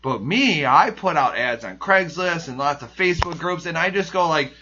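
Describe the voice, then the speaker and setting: A man's voice: fairly high pitch, expressive, normal speed, hardly any pauses, bright, forceful tone, a little hiss or hum. A man chatting casually on a podcast, telling a long story full of "like" and acting out his own quotes, on a dull lo-fi recording.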